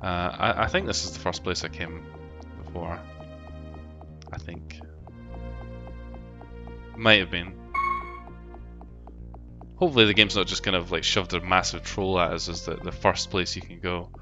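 A low-sitting voice with fairly even intonation belongs to this London streamer, who speaks a little slowly with long pauses. He chats, jokes and swears casually while reading out chat, with game music in the background.

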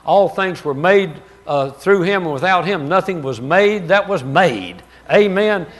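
A man preaching a sermon as pastor, telling stories with laughter and loud exclamations. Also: sits high, animated, a little slow. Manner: storytelling, laughs at his own stories, rises to loud exclamations.

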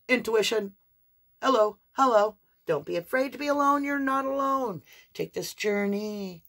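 Chatty woman giving a tarot reading. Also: fairly low pitch. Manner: animated, chatty, affectionate, sing-song emphasis. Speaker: tarot reader. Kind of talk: spiritual tarot reading to camera.

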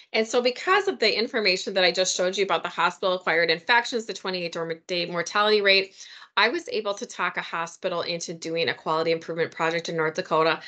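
A woman's voice: on the low side, sharp tone. A woman giving a health webinar from her computer, enthusiastic and chatty with folksy asides. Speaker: health presenter. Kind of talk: webinar presentation.

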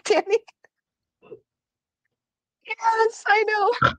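A woman co-hosting a livestream, chatting in an excitable way with frequent laughs. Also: very high voice, very slow. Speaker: co-host. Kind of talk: casual livestream chat.

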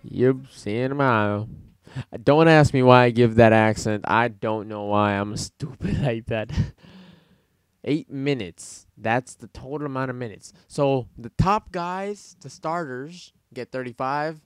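A man's voice: mid-range voice, measured pace, clean tone, dry recording, studio quality. A young man casually commentating his basketball video game, rambling, sarcastic and profane. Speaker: gaming channel host.

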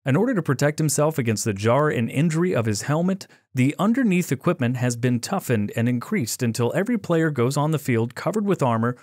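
A man's voice: medium pitch, animated, fairly quick, few pauses, darkish tone, dry recording, clean studio sound. A man hosting a history podcast, narrating from a script and reading out quotes from old articles. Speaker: podcast host.

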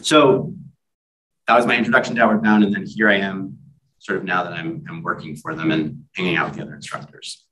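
A man's voice: low voice, steady tone, a little fast, a bit bright, recorded from a distance, low-quality recording. A man, an author at a library event, reading his own comic stories in a wry, self-deprecating way with casual asides.

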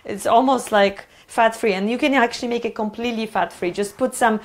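A woman's voice: fairly high pitch, fairly quick. Chatty woman hosting a kitchen stream. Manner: chatty, enthusiastic, many fillers and restarts. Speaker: cooking show host. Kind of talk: live-streamed cooking demo chat. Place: home kitchen.

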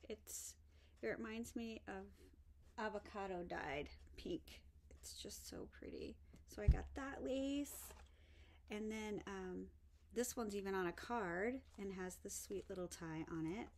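A woman in a casual show-and-tell vlog, unpacking craft supplies at an unhurried pace. She gushes over every piece and slips into soft whispers. A faint hiss sits under the recording. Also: medium pitch. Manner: gushing, breathy, drops to soft whispers over items. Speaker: craft vlogger.

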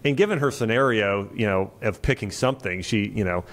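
A man's voice: on the low side, fairly quick, a bit bright. A man in his thirties hosting an interview podcast, talking casually and reflectively in loose, meandering sentences. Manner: rambling, full of restarts. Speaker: podcast host.

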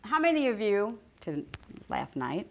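A woman's voice: medium pitch, very animated, measured pace, gravelly, fairly bright tone. A middle-aged woman giving an informal spiritual teaching to a group, conversational and repeating phrases for emphasis.

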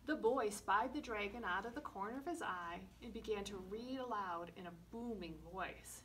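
Slow, expressive woman reading a picture book. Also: mid-range voice. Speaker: children's librarian. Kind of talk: storytime read-aloud. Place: library storytime room. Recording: distant mic with faint room noise.

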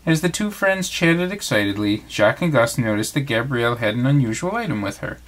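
Expressive dad reading bedtime story. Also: male voice, mid-range voice, fairly quick. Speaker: father reading bedtime stories.

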